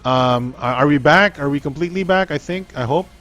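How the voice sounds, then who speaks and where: A man's voice: fairly high pitch, brisk, fairly bright tone, faint music behind. A man hosting a casual tech livestream, rambling with frequent ums, restarts and trailing-off sentences.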